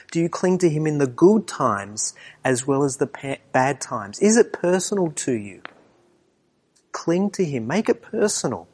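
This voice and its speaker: A man preaching a sermon with earnest emphasis. He asks his listeners pointed questions and often drops to a hushed tone. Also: a little high, breathy edge, big-room sound.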